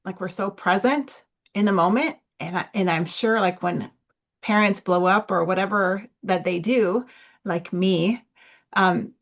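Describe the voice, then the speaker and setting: A woman hosting a podcast who shares her thoughts in a halting, reflective way with many fillers. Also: mid-range voice. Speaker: podcast host. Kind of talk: casual chat. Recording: slightly dull audio.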